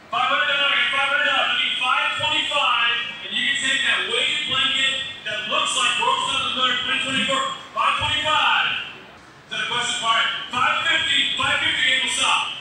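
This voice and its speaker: A man's voice: extremely high pitch, recorded from a distance, background noise. Joking man announcing into an echoey hall. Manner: joking, hawking bids with quick banter. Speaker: event announcer and auctioneer. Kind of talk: lively event announcing and joking.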